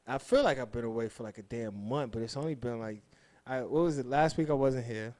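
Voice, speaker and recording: A man's voice: medium pitch, a little fast, a little mellow. A man hosting a casual podcast, talking in loose slang with lots of swearing. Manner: loose, laid-back slang with frequent swearing. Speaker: podcast host. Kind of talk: casual chat.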